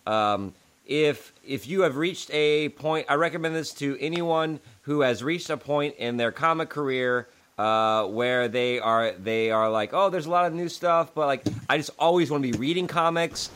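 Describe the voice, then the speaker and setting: A man who teaches English, co-hosting a casual comics podcast with enthusiastic, halting talk. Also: on the high side, fairly bright tone, clear, resonant tone. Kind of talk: casual chat.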